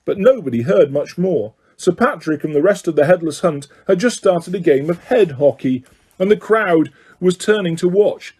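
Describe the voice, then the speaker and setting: This man's voice is high-pitched, husky and darkish, and he sounds animated while keeping a normal pace. Narrating a storybook as an amateur audiobook reader, he occasionally stumbles, fixes his mistakes, and laughs.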